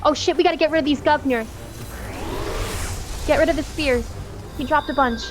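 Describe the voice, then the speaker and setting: A woman streaming an online game, chatting casually with friends, excitable and quick to laugh and whoop. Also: sits high. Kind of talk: casual gaming chat with friends. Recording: game music behind the voice.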